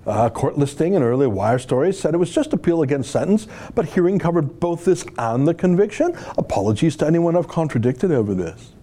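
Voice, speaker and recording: A man's voice: on the high side, big pitch swings, a little fast, hardly any pauses, mellow. A man voicing a grudging, snobbish male newspaper editor in a put-on Valley Girl accent. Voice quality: mock valley-girl lilt.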